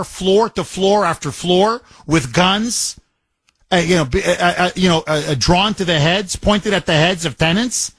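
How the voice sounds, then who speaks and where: A man's voice: high-pitched, fairly bright tone, breathy edge, no room sound. A man hosting a talk radio show, delivering an emphatic, combative opinion monologue and repeating words for force. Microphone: studio microphone.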